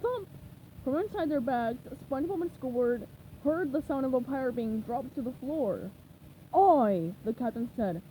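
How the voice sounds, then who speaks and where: Woman, storybook reading, high pitched, very animated, mellow tone. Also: moderate pace, slight background noise, poor audio. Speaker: storybook reader. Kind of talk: reading a children's chapter book aloud.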